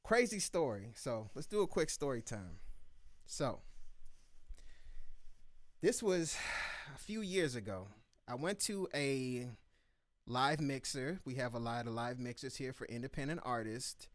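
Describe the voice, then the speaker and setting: A man hosting a live beat review show, telling a story in casual chat and acting out the quotes with lively voices. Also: mid-range voice, unhurried, pauses often, no echo.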